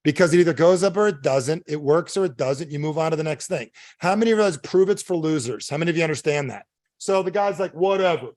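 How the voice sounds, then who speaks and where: A man with a somewhat high voice giving a live motivational seminar talk. He speaks emphatically and animatedly and keeps checking in with his listeners through questions. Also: fast talker, dry recording, clean studio sound. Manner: animated, keeps quizzing the audience; emphatic, storytelling.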